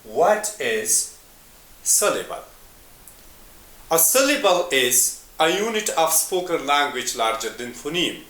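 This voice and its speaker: Slow, lively-voiced man teaching English. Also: fairly high pitch, echoey room. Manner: deliberate, repeats example words. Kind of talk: slow explanatory lesson.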